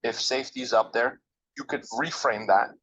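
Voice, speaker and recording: A man's voice: mid-range voice, normal speed, a bit bright. An emphatic man speaks as a guest in an interview, coaching the audience directly in a mid-range voice. The recording sounds a bit dull and lo-fi. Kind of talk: motivational advice in a podcast interview.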